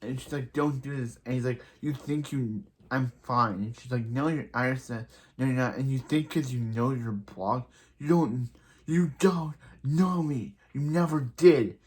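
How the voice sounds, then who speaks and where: Guy rambling thru a tv episode recap, lots of so yeah and restarts. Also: medium pitch. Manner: rambling, halting, many restarts and fillers. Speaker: show reviewer.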